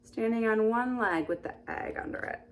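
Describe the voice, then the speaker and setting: A woman hosting storytime who reads a picture book aloud in a slow, sing-song way and keeps asking the little listeners questions. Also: on the high side, a little hiss or hum. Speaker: storytime host for young children.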